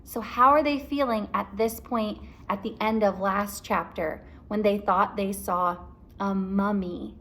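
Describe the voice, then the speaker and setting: Woman teacher reading aloud to kids, slow and expressive, explains as she goes. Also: mid-range voice.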